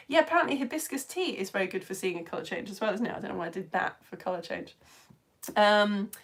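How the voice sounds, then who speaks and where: A woman from the UK teaching a live online science lesson, chatty and enthusiastic, laughing often as she reads out viewer comments. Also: mid-range voice. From United Kingdom.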